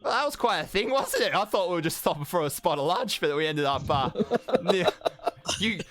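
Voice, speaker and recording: A man voicing a blunt young woman researcher with a quick, bossy way of talking. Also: sits high, expressive, fairly bright tone, voice pushed up. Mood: amused.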